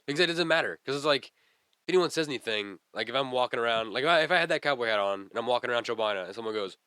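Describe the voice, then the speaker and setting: Podcast host, Missouri man; rapid banter, bright, dry sound. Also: medium pitch, expressive, smooth, dry recording. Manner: fast, joking, swears freely. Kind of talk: casual chat.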